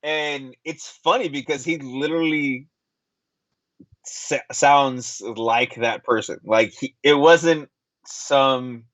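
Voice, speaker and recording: A man's voice: medium pitch, slow pace, a bit bright, dry recording. Rambling man with dull lo-fi sound. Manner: rambling storyteller with frequent fillers. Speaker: podcast co-host. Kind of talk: casual chat.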